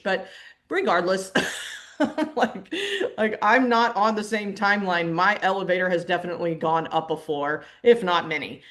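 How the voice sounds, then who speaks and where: A middle-aged woman, a mindset coach, talking through her ideas in a lively, rambling way, often restarting sentences and laughing. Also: fairly low pitch. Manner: animated, self-interrupting, laughs often. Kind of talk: casual teaching monologue.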